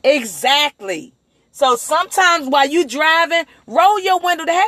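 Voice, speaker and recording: A woman hosting a casual motivational livestream on her phone, talking in a rambling, animated way and acting out the voices of people she quotes. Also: high-pitched, fairly quick, dry recording. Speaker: livestream host.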